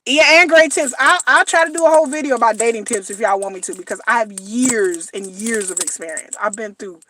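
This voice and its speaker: A middle-aged woman chatting casually on a livestream, telling lively stories, acting out what people said and swearing freely. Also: on the high side, brisk, far from the mic, rough recording. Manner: animated storytelling, acts out quotes, swears freely. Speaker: livestream host. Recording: voice slightly off-mic, faint noise.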